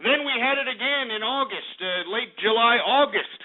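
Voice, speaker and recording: A man's voice: extremely high pitch, normal speed. A male talk radio host giving ranting market commentary, cursing often and blowing up in anger. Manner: profane, angry outbursts, swearing often. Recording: tinny phone-like radio audio.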